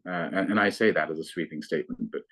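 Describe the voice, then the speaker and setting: A man working as a fund manager, explaining investments in a measured, analytical way with frequent restarts. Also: extremely low pitch, vocal fry, a bit bright, breathy edge. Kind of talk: investment interview.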